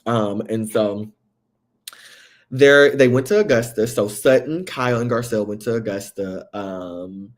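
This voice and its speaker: A young man hosts a casual reality TV recap. His voice sits on the low side, and he talks in a chatty, animated way, leaping up in pitch whenever he quotes someone. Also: a little slow. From Southeast Texas. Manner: chatty, animated, jumps to high acted quotes. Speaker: podcast host.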